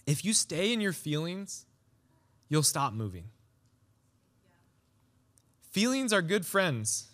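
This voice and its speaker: High-voiced man preaching a casual sermon. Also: sing-song, measured pace, long pauses, a bit bright. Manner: conversational, acts out voices in quotes. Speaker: pastor.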